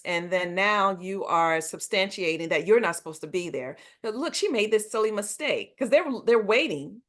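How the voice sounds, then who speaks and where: A middle-aged woman with a fairly low speaking voice shares her own experiences as a podcast guest. She is animated and emphatic and often laughs as she tells them. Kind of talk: conversational interview storytelling.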